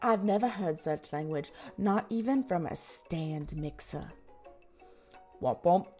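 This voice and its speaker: A woman's voice: fairly low pitch, takes it slowly, darkish tone, soft background music. A woman voicing an indignant, prissy robot student in a snooty, clipped way. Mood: offended.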